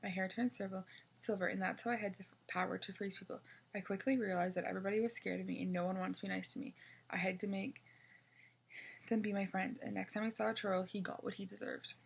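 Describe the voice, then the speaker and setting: A woman's voice: mid-range voice, flat delivery, quick pace, creaky, slightly rough, rough recording. A woman voicing a cunning, icy queen who taunts in a sing-song way, in a storybook reading. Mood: bitter.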